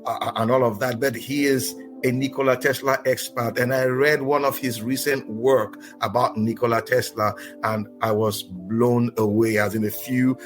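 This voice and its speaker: A man's voice: mid-range voice, fairly even intonation, normal speed, few pauses, soft background music. Chatty Nigerian-raised podcast host, man. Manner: chatty, repeats words and restarts. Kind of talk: casual interview podcast.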